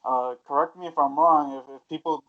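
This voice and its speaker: Male co-host, a bit high-pitched, quiet and halting, muffled lo-fi audio. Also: fairly even intonation. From Hispanic family. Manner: soft-spoken, halting with fillers. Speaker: podcast co-host. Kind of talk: casual chat. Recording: dull lo-fi sound.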